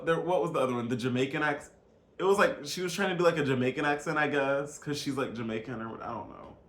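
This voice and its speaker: A man with a slightly high voice rants to his viewers in a casual vlog, incredulous and emphatic. He talks straight to the audience. The room around him is echoey. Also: a bit bright. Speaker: vlogger. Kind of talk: casual political rant to camera.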